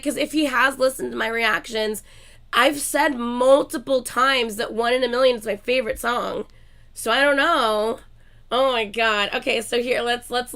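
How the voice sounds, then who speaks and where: Gushing high-voiced woman. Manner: gushing, excitable, swears often. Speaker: reaction channel host. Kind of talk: casual chat to viewers.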